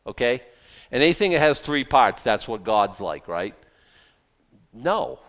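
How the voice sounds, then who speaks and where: A man preaching in a loose, conversational way, correcting himself mid-sentence and throwing in jokes. His voice has an ordinary middle pitch for a man. He sounds like he is talking with the congregation rather than reading to them. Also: big pitch swings, unhurried, a bit bright. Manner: chatty, self-interrupting, with joking asides. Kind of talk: conversational sermon.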